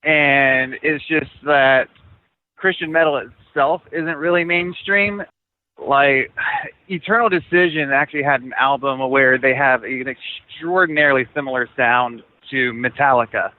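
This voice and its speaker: A man's voice: mid-range voice, moderate pace. Rambling male caller on a phone line. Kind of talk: phone call to a talk show.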